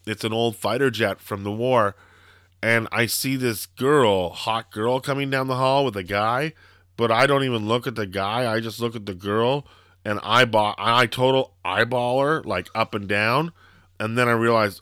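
Podcast co-host, man, rambling storyteller, bright and crisp, dry. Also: on the low side, a little slow, no echo. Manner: rambling storyteller, lots of fillers and profanity. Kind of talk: casual chat.

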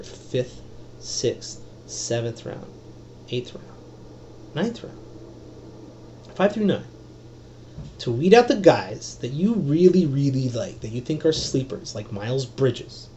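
Excitable rambling male podcast host, muffled. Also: medium pitch, slight background noise. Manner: rambling, excitable, with profanity and fillers. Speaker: fantasy basketball podcast host. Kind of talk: solo podcast talk.

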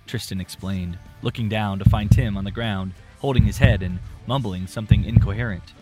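A man narrating an audiobook in a relaxed, reflective storytelling manner. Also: fairly low pitch, a little fast, hardly any pauses, soft background music.

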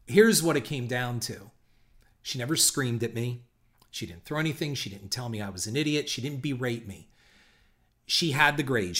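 A man's voice: mid-range voice, fairly bright tone. A middle-aged man hosting a podcast, telling a personal story in a candid, reflective way with the odd curse word. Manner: candid, reflective, occasional swearing. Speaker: podcast host.

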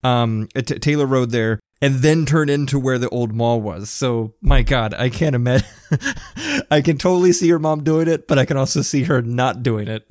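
A man's voice: mid-range voice, expressive, normal speed, a little mellow, no room sound, clean studio sound. A man chatting casually, rambling a bit and searching for words. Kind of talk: casual chat.

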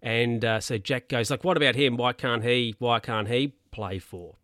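A man casually retells a comedy episode, acting out each character's lines in different voices and laughing along in an animated storytelling style. His voice is medium-pitched at normal speed, in a dry, clean studio recording.

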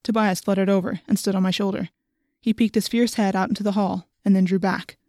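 A woman narrating a first-person audiobook in a steady, plain storytelling voice. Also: mid-range voice, fairly quick, dry recording.

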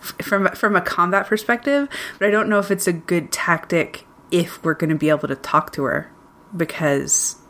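Woman, tabletop player, lower pitch, sarcastic, self-correcting. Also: fairly bright tone. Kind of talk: tabletop role-play, dry joking.

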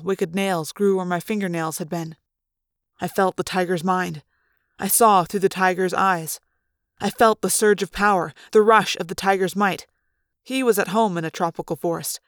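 A woman narrating a young-adult novel as a dramatic audiobook reading, slow and deliberate. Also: mid-range voice, no room sound, clean studio sound.

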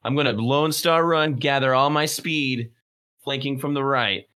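A player in a tabletop game, boisterous and quick to laugh. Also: mid-range voice, a bit bright.

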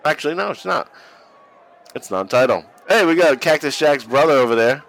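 With a fairly high, lively, fairly bright voice and a fairly quick pace, this podcast co-host calls a wrestling match as a casual watch-along. His commentary is crude and jokey, and he laughs a lot.

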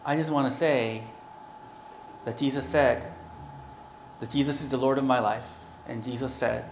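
A man's voice: mid-range voice, normal speed, creaky, long pauses, echoey room, slight background noise. A man preaching a sermon, earnest and conversational, with a prayer and a personal story. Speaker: pastor.

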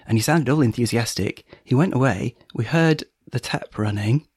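A man's voice: mid-range voice, moderate pace, husky, dry recording, clean studio sound. A man hosting a podcast in casual chat, laughing often and filling gaps with ums. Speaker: podcast host.

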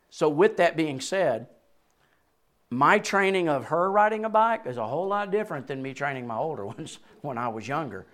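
A man in his sixties preaching a sermon, swinging between loud peaks and quiet drops and chuckling between points. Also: on the high side, normal speed. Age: 60s. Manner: animated preaching with sudden rises and drops. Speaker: pastor.

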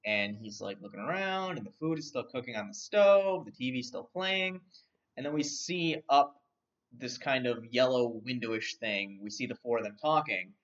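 A man's voice: mid-range voice, moderate pace. A man casually recapping a film's plot, rambling with many fillers and restarts. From not from London. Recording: dull, distant mic.

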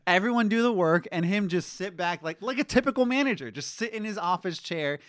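A man in casual chat, profane and animated, ranting loudly and swearing often. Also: high-pitched, fairly quick, dry recording, studio quality.

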